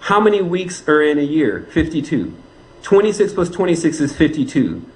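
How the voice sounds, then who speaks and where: A man's voice: a little high, sing-song, moderate pace, darkish tone, low-quality recording. A man being interviewed as a spiritual teacher, answering in an earnest, rambling way and laughing often.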